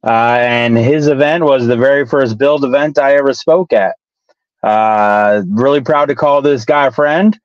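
A man's voice: mid-range voice, measured pace, no echo, muffled recording. A man hosting a casual online talk show who laughs easily and introduces guests. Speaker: host. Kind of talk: casual chat.

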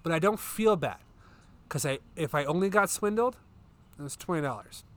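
A man's voice: on the high side, lively intonation, normal speed, a bit bright. A man hosting a casual chat show with his wife, telling long rambling stories and swearing freely. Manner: rambling, profane storyteller. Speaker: podcast host.

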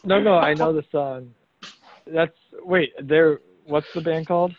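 A man's voice: a little high, steady tone, measured pace, slight background noise. Dry-witted man on a tinny line. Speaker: podcast co-host. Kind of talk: casual chat.

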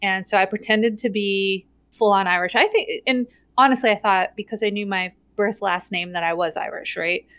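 A middle-aged woman telling a story in casual chat, animated and laughing often, with many "like" and "right?" tags. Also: mid-range voice, normal speed, hardly any pauses, smooth, no echo.

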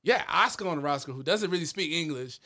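High-voiced, slangy young man chatting. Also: fast talker. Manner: animated, slangy, rambling with many fillers. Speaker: podcast co-host. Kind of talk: casual chat.

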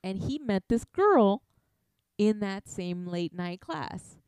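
A woman's voice: mid-range voice, expressive, slow, a little mellow, smooth, dry recording. A woman hosting a podcast, telling a story in casual chat, swearing freely and laughing often. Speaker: podcast host.

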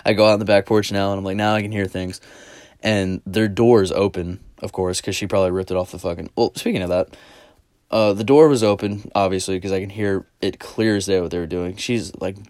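A man's voice: low-pitched, fairly even intonation, fairly quick, darkish tone, no echo, clean studio sound. A man hosting a podcast, telling a rambling, profanity-laced story in a casual, amused way. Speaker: podcast host.

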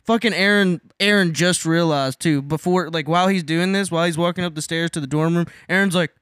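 A man's voice: a little high, fairly quick, a bit bright, clean tone, no room sound, studio quality. A young man telling a wild party story in casual chat. He swears a lot, laughs often and talks animatedly.

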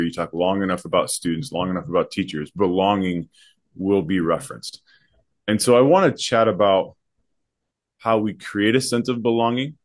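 A man co-hosting a podcast, working as a school principal, talking thoughtfully and searching for words mid-sentence. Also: low-pitched. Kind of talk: casual podcast conversation.

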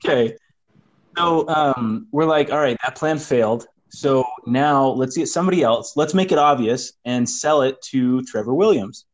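Over a phone call with faint background noise, a young man with a medium-pitched voice tells his friends a story at a moderate pace. He's animated, acting out what others said and laughing often.

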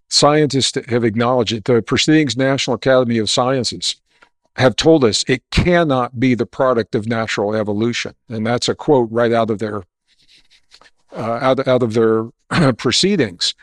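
A man speaks as an interview guest, telling stories with lively emphasis and explaining points with confidence. His pitch is ordinary for a man, and the sound is close and dry. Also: normal speed, dry recording. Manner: animated storyteller, emphatic and explanatory. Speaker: guest author and geologist. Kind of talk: storytelling interview answers.

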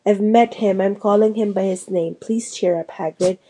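A woman's voice: medium pitch, steady tone, moderate pace, warm tone, a little hiss or hum, close to an everyday voice. A woman voicing an earnest, brave young teen boy wizard in a storybook reading, speaking his lines thoughtfully. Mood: urgent.

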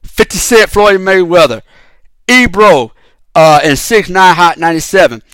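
A man's voice: sits high, unhurried, a bit bright, no room sound. A man hosting a solo podcast, talking in a heated, profane, rambling way with lots of restarts. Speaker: podcast host. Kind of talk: casual solo podcast commentary.

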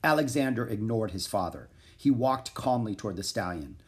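A man's voice: lowish voice, moderate pace. Man reading a children's book aloud. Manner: expressive, animated narration. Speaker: audiobook narrator.

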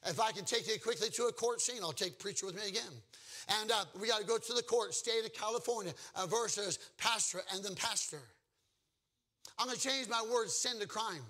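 A man preaching to his congregation, his voice pitched high and ringing bright. He keeps asking the people in the pews questions and spins down-home stories to drive each point home. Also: brisk. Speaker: pastor. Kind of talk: evangelistic sermon with audience call-and-response.

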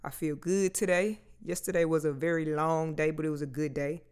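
A man's voice: a little high, steady tone, brisk, a little mellow, clean tone. A man, talking candidly and casually to his viewers, swearing freely as he goes. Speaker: vlogger. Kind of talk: candid personal talk to camera.

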